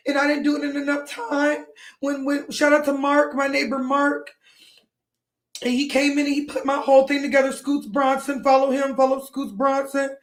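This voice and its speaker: High-voiced young woman crying on a livestream. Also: flat delivery, normal speed. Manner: rambling, pleading, keeps apologizing. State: tearful, crying. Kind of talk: emotional livestream talk to viewers.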